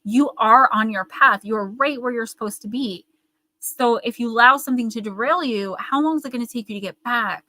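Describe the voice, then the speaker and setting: A woman's voice: on the high side, fairly quick, pushed and bright, dry recording, poor audio. A woman giving a live oracle card reading, earnest and encouraging, who mimics gushing voices now and then. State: tearing up.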